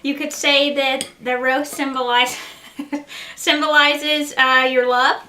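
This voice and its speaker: Bright high-voiced woman hosting a cooking show. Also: level tone, slow pace. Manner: chatty and jokey, laughs at her own puns. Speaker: home cooking show host. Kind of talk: casual cooking demonstration. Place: home kitchen.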